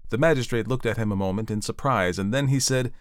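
A man reading a storybook aloud, expressive and playful, with chatty asides to the listener. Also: lowish voice, fast talker, no echo, studio quality.

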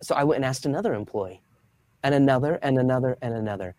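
A man in his thirties tells a story as an interview guest, animated and expressive. His voice sits at a middle pitch, and the sound is dry. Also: fast talker, no echo.

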